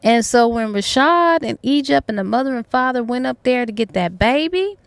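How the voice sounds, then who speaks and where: A woman's voice: on the high side, expressive, normal speed, no echo. A young adult woman retelling a novel's plot in a casual, colloquial way as a book reviewer. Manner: chatty, colloquial, acts out characters' lines.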